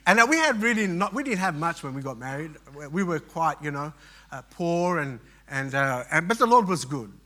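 A man's voice: fairly high pitch, big pitch swings, normal speed, sharp tone. A middle-aged man pastor preaching, telling a personal story with frequent restarts and fillers. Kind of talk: sermon.

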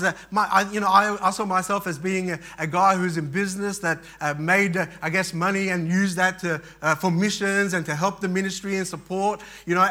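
A middle-aged male pastor preaches a sermon, telling a personal story with frequent restarts and fillers. His voice is high-pitched with a sharp tone.

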